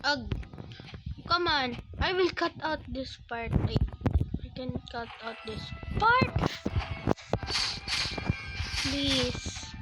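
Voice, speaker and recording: A woman's voice: sits high, lively intonation, very slow, long pauses, poor audio. A young woman giving casual commentary while playing an online game, often frustrated and pleading. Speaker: gaming channel host. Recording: loud game music behind voice.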